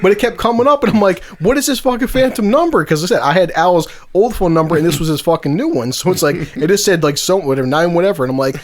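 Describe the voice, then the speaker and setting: Podcast host, man with a high voice, loose profane storyteller who laughs a lot. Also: quick pace, few pauses. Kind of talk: casual storytelling chat.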